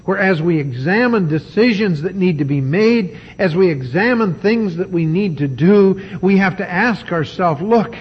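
A man preaching a sermon, emphatic and deliberate, with dramatic pauses. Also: high-pitched, lively intonation, husky, dull audio.

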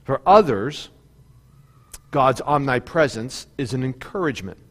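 A male pastor preaches in a sermon, his voice carrying a long hall reverb. He moves between fervent, climbing appeals and quieter, conversational storytelling, repeating phrases for emphasis. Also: medium pitch, animated, measured pace. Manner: preaching with rising fervor and repetition.

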